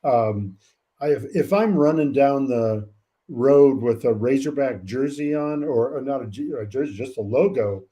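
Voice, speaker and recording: An older man with a warm, mellow voice speaks slowly and reflectively, often pausing to gather his thoughts. He is from California and sounds like a veteran coach chatting as a guest. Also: medium pitch. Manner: measured and reflective, many "uh" pauses. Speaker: college track coach, guest. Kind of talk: casual interview talk.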